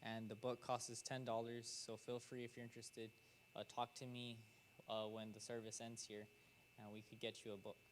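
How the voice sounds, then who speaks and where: Flat-voiced young man giving church announcements. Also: mid-range voice, moderate pace, a little hiss or hum. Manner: hesitant, many fillers and restarts. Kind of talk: casual announcements. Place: church sanctuary.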